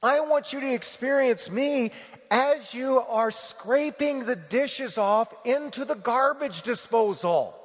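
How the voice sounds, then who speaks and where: A preacher voicing an earnest, pleading Jesus. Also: male voice, very high-pitched, big-room sound, voice pushed up, full character voice. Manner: earnest, pleading, emphatic repetition. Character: Jesus speaking lovingly to a listener, male adult.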